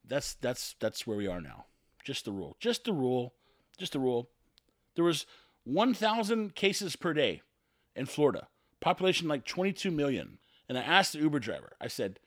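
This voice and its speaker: A man's voice: a little high, sing-song, normal speed, no room sound, clean studio sound. A man hosting a solo podcast, ranting in a sarcastic, exasperated way and repeating himself for emphasis. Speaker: podcast host.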